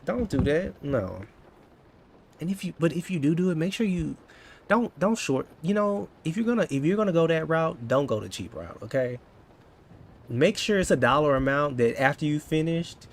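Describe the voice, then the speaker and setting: A man in his thirties with a gravelly, fry-laced voice sitting a little above the usual male range. He chats loosely and playfully with his live viewers. He jokes around and drifts into mock-dramatic asides. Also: fairly high pitch, lively intonation, moderate pace. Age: 30s. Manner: playful and joking, slips into exaggerated dramatic bits. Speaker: coding vlogger. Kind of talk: casual chat to live viewers.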